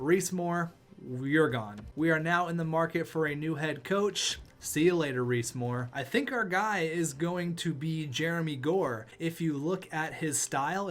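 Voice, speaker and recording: A young man commentating his hockey video game, exasperated and sarcastic, swinging from groans to outbursts. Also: fairly high pitch. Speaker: gaming YouTuber.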